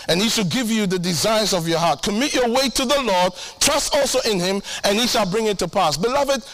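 High, bright-voiced animated preacher man. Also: a little fast. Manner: animated, emphatic preaching with repeated lines; humorous asides acting out his own prayers. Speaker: pastor. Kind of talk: sermon.

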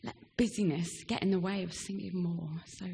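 A woman's voice: fairly low pitch, fairly even intonation, moderate pace, gravelly, mellow, slight background noise. A young woman giving a hesitant farewell speech in church, with frequent ums, and reading scripture. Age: young adult. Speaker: departing church member.

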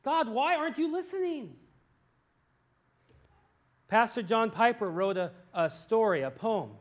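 Guy preaching in church, fairly high voice, gets loud and pleading then drops way down. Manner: impassioned, swings from quiet to loud pleas. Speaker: pastor. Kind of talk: sermon.

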